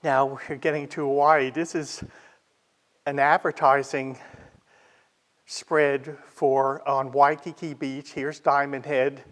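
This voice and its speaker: A man presenting a library history talk in a chatty, informal way, often pausing on "uh" and adding side remarks. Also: mid-range voice, level tone, fairly bright tone. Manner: chatty, with frequent "uh" fillers and asides.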